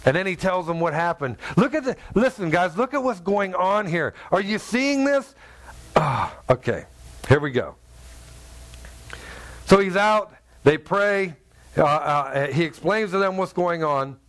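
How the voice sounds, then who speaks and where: This pastor's voice sits high and fairly bright, swinging widely in pitch at an unhurried pace. Preaching in a conversational way, he addresses the congregation directly and performs the characters in his story.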